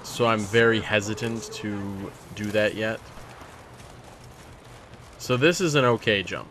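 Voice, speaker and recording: A man's voice: lowish voice, slow, fairly bright tone, a little hiss or hum. A man casually commenting on a game as he plays, chatting to his viewers and taunting enemies. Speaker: gameplay commentator. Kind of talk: casual let's-play commentary.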